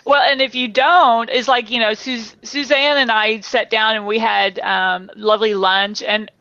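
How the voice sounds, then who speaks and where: A woman's voice: a little high, fairly even intonation, measured pace, bright, forceful tone, no room sound, dull audio. A woman speaker chatting as a guest in an interview, filling her talk with "you know". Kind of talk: conversational interview.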